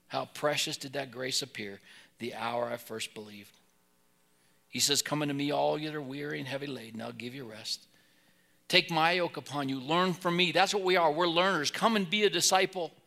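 A man preaching a sermon, telling Bible stories and swinging between loud emphasis and soft asides. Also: a little high, vocal fry. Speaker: pastor.

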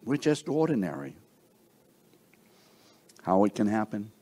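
A middle-aged man preaching a sermon at an unhurried, deliberate pace. He leans on words with sudden lifts and drops in pitch and volume. He keeps putting rhetorical questions to his listeners. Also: sing-song, dark tone. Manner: slow, emphatic preaching with wide swings in pitch and volume; asks the congregation rhetorical questions.

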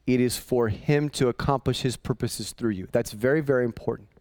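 A man preaching a sermon, retelling a Bible story as an animated, conversational storyteller with jokes. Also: mid-range voice, fairly quick, no room sound. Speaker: pastor.

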